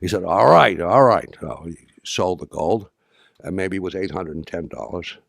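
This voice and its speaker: An older man giving an anecdotal talk to an audience, halting with restarts and dry humor. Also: sits low, a little mellow, no echo. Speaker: speaker addressing an audience.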